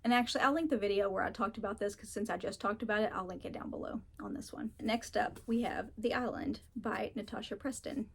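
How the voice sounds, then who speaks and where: A woman's voice: medium pitch, brisk, hardly any pauses, husky. A woman reviewing books in casual chat, frank and ranting, laughing often and swearing now and then. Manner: animated, mocks characters in put-on voices. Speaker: book reviewer.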